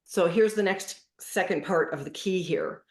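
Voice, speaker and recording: A middle-aged woman speaking as a parenting specialist guest, with a slightly low voice. She tells stories in a lively way and acts out the dialogues. The room around her has a noticeable echo. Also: unhurried. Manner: animated storytelling, acting out dialogues. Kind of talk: casual interview chat. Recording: echoey room.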